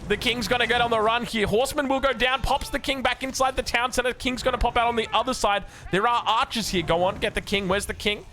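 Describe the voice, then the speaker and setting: A young Australian man casting a strategy video game match, getting excited and rising in pitch as the action picks up. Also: fast talker, few pauses. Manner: excitable, rises sharply when action picks up. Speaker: game caster. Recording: faint music behind.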